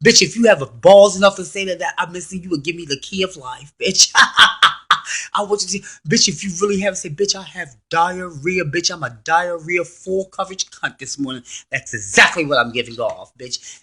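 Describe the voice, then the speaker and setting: A man's voice: high-pitched, lively intonation, moderate pace, breathy edge, full character voice. A man in his thirties putting on a brash, foul-mouthed, sassy diva woman in a self-interview rant. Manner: loud, profane, sassy trash talk.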